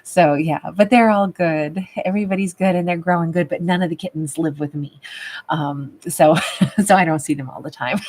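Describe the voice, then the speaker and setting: A woman tarot reader in a casual livestream, chatting affectionately with viewers and calling them babe and love, a little rough from a recent cough. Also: lowish voice, normal speed, a little mellow. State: recovering from a cough. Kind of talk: livestream chat reading viewer comments.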